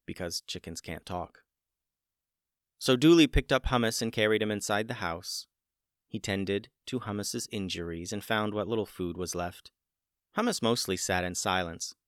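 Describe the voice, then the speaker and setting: A man narrates a children's story in a gentle, plain way. His voice sits fairly low. The recording is dry and close. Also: no echo.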